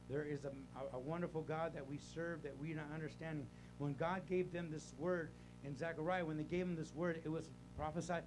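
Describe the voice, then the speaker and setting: An older man preaching a sermon in a church, animated, rising to shouts and dropping to quiet talk. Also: on the high side, noisy background. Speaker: pastor. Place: church sanctuary.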